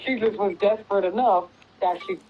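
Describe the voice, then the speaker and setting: Animated woman streamer retelling a story. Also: mid-range voice, a little fast, lo-fi sound, slight background noise. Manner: animated retelling with lots of swearing and acted quotes. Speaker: gaming streamer. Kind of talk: casual storytelling while playing.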